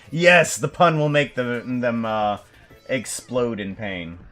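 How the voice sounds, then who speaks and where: Working through an animation plan, a man talks to himself in a somewhat bright, mid-range voice. This animator muses over his script, catching and correcting himself amid plenty of fillers.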